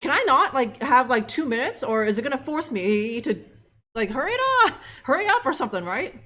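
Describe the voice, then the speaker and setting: A woman's voice: high-pitched, sing-song, a little fast, pushed and bright. A young woman streaming a game live, giving sarcastic, profane commentary full of laughs and fillers.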